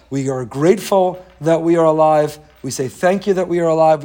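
A man teaching a Torah class in a lively way, often acting out the people he quotes. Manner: animated, acts out quoted voices with rising pitch. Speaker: rabbi.

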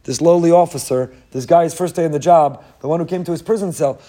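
A rabbi gives an animated Torah lecture built on parables and rhetorical questions. His voice sits a touch high for a man. He weaves Hebrew quotations into his English. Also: fast, hardly any pauses. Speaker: rabbi teaching a Torah class.

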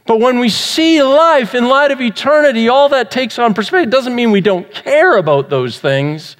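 A man with a high voice delivers an earnest Sunday sermon as the pastor. He keeps asking rhetorical questions as he preaches. His voice rings out with a long reverb, as in a church sanctuary. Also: lively intonation, moderate pace.

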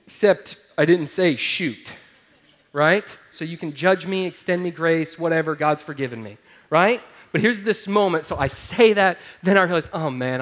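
A pastor in his thirties preaching a sermon with a somewhat high male voice. He tells a funny story from his own life and talks straight to the listeners in a loose, conversational way. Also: a bit bright. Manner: humorous personal storytelling; conversational, addresses listeners directly.

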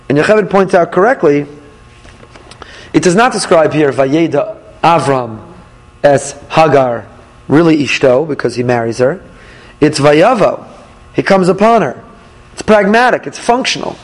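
A man teaching a Torah lesson, reading the verses and explaining them, acting out the dialogue with lively emphasis. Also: high-pitched, rough recording. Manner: animated, acts out dialogue from the text with rising emphasis. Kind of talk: Bible study class.

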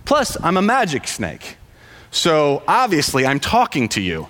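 A man voicing a smooth-talking magic king cobra who pleads and coaxes, in a storytelling voice with long reverb. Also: on the high side, wildly swooping pitch, a little slow, fairly bright tone, full character voice. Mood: coaxing. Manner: pleading, coaxing.

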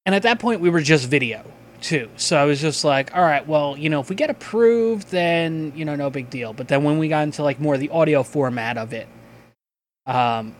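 Profane, excitable male podcast host. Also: fairly high pitch, slight background noise. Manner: loose, profane, excitable storytelling. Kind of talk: casual podcast chat with sponsor reads.

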